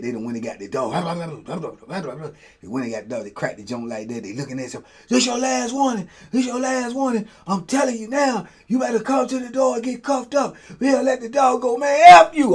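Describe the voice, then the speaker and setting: A middle-aged man telling a prison story in casual talk. He acts out the guards and himself in loud high bursts and drops low and quiet for asides. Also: breathy edge. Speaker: storyteller host.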